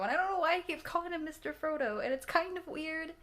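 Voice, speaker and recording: A woman in her twenties races through a casual, rambling chat about movies she just watched. Her voice sits high with a fairly bright tone, and as a film-reaction vlogger she laughs often and starts her sentences over.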